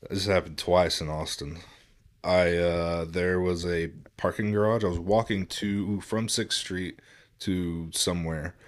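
A young man co-hosting a podcast, rambling through stories in relaxed casual chat. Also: sits low, a little slow.

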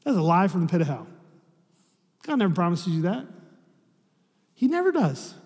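A man's voice: high-pitched, sing-song, fairly quick, a little mellow, big-room sound. A man preaching a sermon as a pastor, in a conversational way, often asking rhetorical questions.

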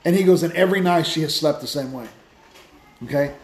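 A man hosting a Christian podcast, telling stories in a lively, casual way with many restarts. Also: on the high side, a little fast, echoey room. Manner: animated storytelling with many restarts. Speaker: podcast host, Christian speaker. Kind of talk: casual faith talk.

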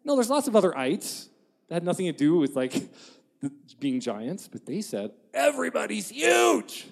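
A man preaching a sermon in an animated, joking way, acting out quotes and laughing at his own jokes. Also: a little high, normal speed. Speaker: pastor. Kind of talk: lively sermon. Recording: long reverb of a large hall.

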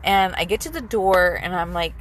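A woman's voice: fairly low pitch, moderate pace. A young woman in a casual chat, telling a story bluntly, swearing freely and saying "like" a lot. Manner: animated, blunt, swears freely, says "like" often.

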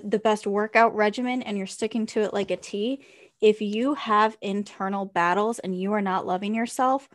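A woman co-hosting a podcast, chatting candidly about her own experiences, often laughing and putting direct questions to the listener. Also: medium pitch. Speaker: podcast co-host. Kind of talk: casual podcast chat.

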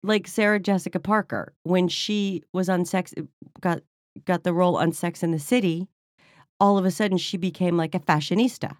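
A woman co-hosting a chatty podcast, her voice a bit low and recorded dry and close. She is playful and quick to push back on her partner. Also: steady tone, no room sound. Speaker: podcast co-host. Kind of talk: casual banter.

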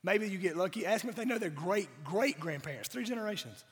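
A man from South Georgia with a Southern accent, preaching a sermon while hoarse from a cold, mixing wry jokes to the congregation into his points. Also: high voice, animated, fast. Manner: wry, joking asides to the congregation. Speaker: pastor. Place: church sanctuary. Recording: church hall reverb.

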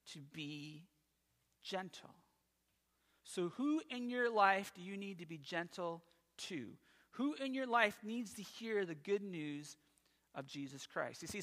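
A man preaching a sermon as pastor, telling stories in an animated way with quick asides. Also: sits high, big-room sound. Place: church sanctuary.

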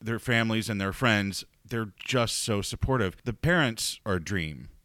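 A man's voice: lowish voice, moderate pace, sharp tone, no echo, clean studio sound. A man co-hosting a podcast, talking casually and bluntly about a novel, swearing now and then. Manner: chatty, blunt, swears freely. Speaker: podcast co-host. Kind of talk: casual book discussion.

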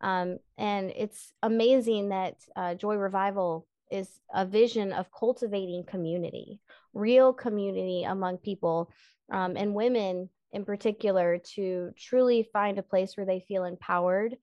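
A woman's voice: mid-range voice, fairly even intonation, normal speed, no room sound, dull audio. Enthusiastic woman hosting a faith podcast. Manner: gushing, enthusiastic. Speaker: podcast host. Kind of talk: casual faith-based podcast chat.

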